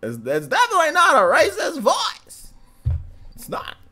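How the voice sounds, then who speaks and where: A man's voice: very high-pitched, huge pitch swings, moderate pace, bright, forceful tone. A young adult man hosting a live-stream Q&A in casual chat, rambling and talking to his chat. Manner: rambling, restarts, talks to chat.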